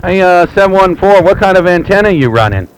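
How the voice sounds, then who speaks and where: Man, CB radio operator on the air, a bit higher-pitched, loose and filler-heavy, static hiss under him. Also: a little fast. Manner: relaxed, repetitive, lots of fillers. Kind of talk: live radio chat. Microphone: radio transceiver mic.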